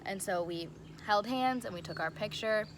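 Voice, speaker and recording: A young woman telling a story in a casual vlog, excited and gushing, saying "like" again and again. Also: medium pitch, moderate pace, slight background noise. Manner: excited and gushing, heavy use of "like". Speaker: vlogger.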